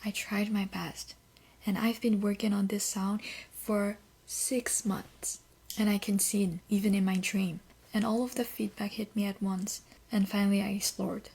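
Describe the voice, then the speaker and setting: This young woman hosts a solo podcast in a Korean accent, chatting casually with candor and reflection and a loosely conversational flow; "so" often starts her sentences. Her mid-range voice is creaky and a little mellow with a breathy edge, delivered flatly at a measured pace.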